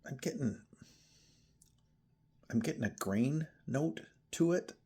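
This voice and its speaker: A man's voice: mid-range voice, expressive, takes it slowly, darkish tone, breathy edge. A man chatting casually as he tastes and reviews a bourbon, thinking aloud between sips. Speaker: whiskey reviewer. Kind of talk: casual tasting chat.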